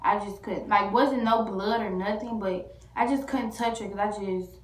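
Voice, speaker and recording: Female vlogger, rambling casual storyteller, mid-pitched voice, echoey room. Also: steady tone, normal speed, a little hiss or hum. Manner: rambling, full of "like" and restarts.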